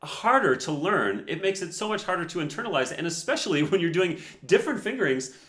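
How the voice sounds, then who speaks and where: A man's voice: sits high, very animated, a little fast, fairly bright tone, reverberant. A man reviewing a piano performance and teaching technique in a casual, explanatory way, counting beats aloud.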